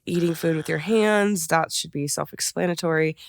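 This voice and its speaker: A woman in her twenties co-hosting a casual podcast, giggly and animated, slipping into exaggerated voices when she quotes people. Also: sits low, moderate pace, creaky, a little hiss or hum. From Arizona. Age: 20s. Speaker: podcast co-host. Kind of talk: casual chat.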